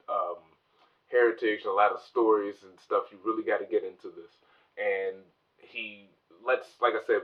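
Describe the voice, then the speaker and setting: Male YouTube reviewer, casual rambling recap, slightly low voice, distant muffled mic. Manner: rambling, many restarts, acts out quotes.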